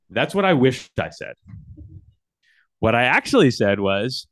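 A man tells a personal story to a workshop audience, and his voice rises and drops sharply as he acts out each beat. His pitch sits in an ordinary middle range. The sound is dry and close, with little room echo. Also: moderate pace, pauses often. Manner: animated storyteller with big swings in pitch and loudness. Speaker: workshop leader.

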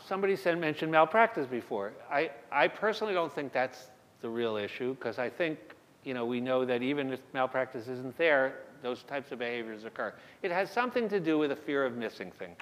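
A middle-aged man giving a conversational conference lecture, telling stories from his work and often restarting his sentences. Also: medium pitch. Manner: conversational, self-deprecating, frequent restarts. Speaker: emergency medicine lecturer. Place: lecture hall. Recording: long reverb of a lecture hall.

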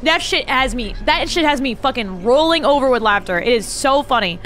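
A young woman streams a game and chats with her teammates, swearing freely and breaking into loud mock outrage. Her voice sits high and bright. A faint hiss runs underneath. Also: lively intonation, a little fast. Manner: profane, yelling and joking with teammates. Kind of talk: casual gaming stream chat.

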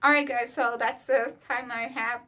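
A woman vlogging in a chatty, excited way, her speech slightly slurred from wearing retainers. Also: on the high side, normal speed. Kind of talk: casual vlog chat.

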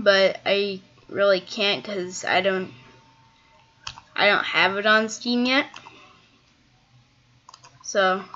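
A woman's voice: medium pitch, sharp tone. A woman giving casual gameplay commentary, chatting and thinking aloud as she plays, often trailing off mid-thought. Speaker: gaming video creator. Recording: dull lo-fi mic.

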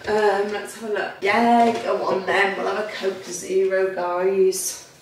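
A woman's voice: mid-range voice, flat delivery, slow. A young woman chatting casually to camera as a vlogger, bubbly with lots of fillers. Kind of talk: casual chat. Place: home, indoors and out walking. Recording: roomy echo, faint noise.

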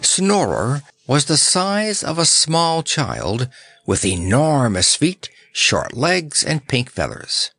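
A man narrating a children's book in a measured, expressive way. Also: a little high, creaky, husky. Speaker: audiobook narrator. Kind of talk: scripted narration.

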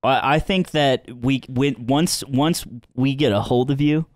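A man's voice: medium pitch, measured pace, no room sound, clean studio sound. A young man co-hosting a podcast, telling crude stories between bursts of laughter in casual chat. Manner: laughing storyteller, crude jokes. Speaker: podcast co-host.

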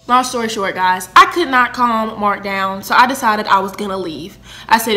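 A woman in her twenties telling a personal story on her vlog, animated and acting out the dialogue. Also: medium pitch, moderate pace, faint music behind. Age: 20s. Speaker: vlogger.

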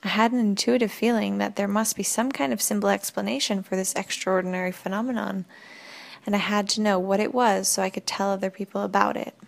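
Female audiobook narrator, mid-pitched, faintly gravelly, steady first-person reading. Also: brisk.

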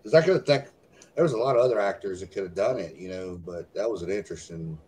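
A man's voice: deep voice, fast, a little mellow, slight background noise. A man chatting casually about movies as a podcast co-host, laid-back and agreeable, with some casual swearing. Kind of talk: casual movie commentary chat.

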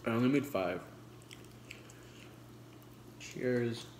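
A man's voice: medium pitch, extremely slow, a little mellow. A man in his twenties chatting casually in slang while eating on camera, swearing freely. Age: 20s. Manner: laid-back slangy talk with frequent swearing; talks between bites while eating. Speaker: vlogger. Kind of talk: casual mukbang chat. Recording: echoey room with noise.

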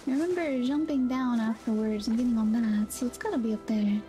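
A woman streamer chatting casually with her viewers while gaming, soft-spoken and giggly. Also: a little high, a little fast, soft background music.

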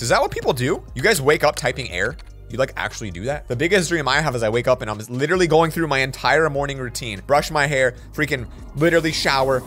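A man hosting a reaction video, chatting casually with quick asides. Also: medium pitch, a bit bright.

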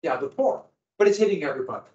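A man teaching a history class, lecturing in an animated way and quizzing his students as he goes. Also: on the high side, very fast. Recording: echoey room, dull lo-fi sound.

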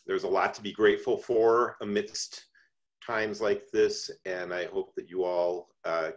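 A man hosting an event, delivering closing remarks and thanks in an unhurried, halting way. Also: low-pitched. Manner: unhurried, grateful, halting with small pauses. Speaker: event host.

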